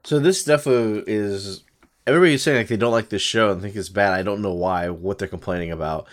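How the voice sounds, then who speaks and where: A man's voice: on the low side, fast. A man in casual chat as a podcast co-host, rambling with lots of fillers. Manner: rambling, lots of ums and likes.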